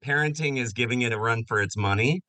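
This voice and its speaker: A man in his fifties, a podcast guest, telling personal stories in a lively, casual way and acting out the voices of people he quotes. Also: medium pitch, fast talker, no room sound, low-quality recording. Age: 50s. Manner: animated storyteller who acts out quoted voices. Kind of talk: casual storytelling interview.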